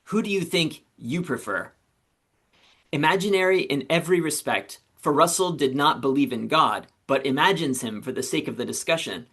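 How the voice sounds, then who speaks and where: A man's voice: fairly high pitch, lively intonation, normal speed, fairly bright tone. A man teaching a philosophy lesson, reading a text aloud and explaining it in a conversational way, sometimes correcting himself. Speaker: philosophy instructor. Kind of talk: recorded lecture reading.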